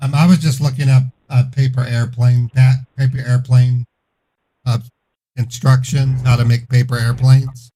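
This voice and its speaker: A man scam-baiting on a call, playing a slow, hesitant, confused caller. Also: medium pitch, little pitch movement, mellow, low-quality recording. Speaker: scam baiter host.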